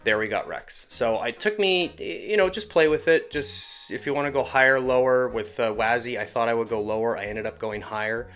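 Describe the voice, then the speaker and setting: A man's voice: medium pitch, normal speed, hardly any pauses, a bit bright, clear, resonant tone. A man, an animator and show creator, explaining his voice work in a casual, rambling tutorial. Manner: casual, rambling, self-deprecating. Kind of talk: tutorial walkthrough.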